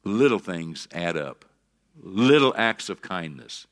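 A middle-aged man preaching a sermon as pastor, swinging between quiet asides and emphatic calls for amen from the congregation. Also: deep voice, big pitch swings, takes it slowly.

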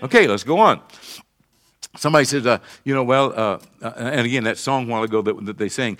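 An older man preaching a sermon as pastor, leading the congregation in call and response and swinging from soft talk to shouting. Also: mid-range voice, animated, fast talker.

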